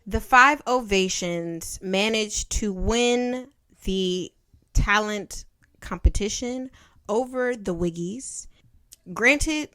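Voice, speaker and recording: A young woman in her twenties reviews a childhood film in a playful, slangy, sarcastic way. She takes her time, with an unhurried, drawn-out delivery. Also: mid-range voice, a bit bright. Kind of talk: casual commentary.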